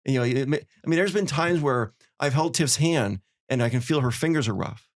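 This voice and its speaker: A man hosting a podcast, chatting casually and acting out little quoted lines as he tells stories. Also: medium pitch. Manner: fast, animated storyteller acting out quotes. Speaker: podcast host. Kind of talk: casual conversation.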